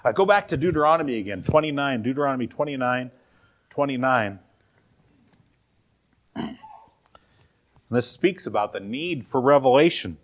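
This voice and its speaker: A man's voice: mid-range voice, animated, normal speed. A man as pastor, preaching an earnest, emphatic sermon and quoting scripture.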